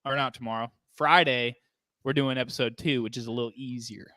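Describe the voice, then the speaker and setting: Young guy cohosting, bright tense voice, dry sound, jokes around and swears a lot. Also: mid-range voice, fairly even intonation, a little fast, no echo. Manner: joking, swears freely, laughs a lot. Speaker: guest co-host. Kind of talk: casual chat.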